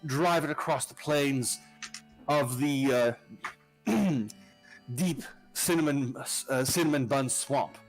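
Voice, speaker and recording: A man's voice: medium pitch, faint music behind, poor audio. A man playing a bumbling archduke who rambles with constant ums and restarts in an improvised tall tale. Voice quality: halting, full of ums and restarts.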